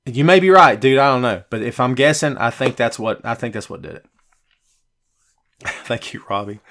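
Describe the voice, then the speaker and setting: Hosting a wrestling podcast on a casual livestream, a man speaks at normal speed in an animated, medium-pitched, slightly bright voice. He replies to viewer comments with blunt, impassioned rants, slangy and heavily repetitive.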